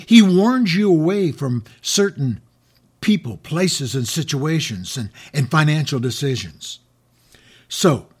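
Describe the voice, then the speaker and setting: A man's voice: fairly high pitch, darkish tone, husky. A middle-aged man preaching a sermon in a conversational way, with frequent restarts and questions to the listeners. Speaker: pastor.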